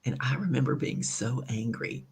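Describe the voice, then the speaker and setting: A woman hosting an online talk show, telling a family story in a lively, chatty way, with many asides, over a video call. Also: a bass voice, normal speed, creaky. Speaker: show host. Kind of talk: conversational storytelling.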